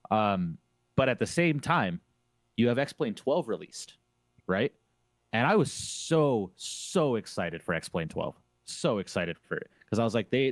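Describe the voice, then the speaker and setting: A fairly low-pitched man's voice, recorded with no echo, belongs to a flight sim streamer on a panel discussion. He's emphatic and opinionated and repeats phrases to press his point.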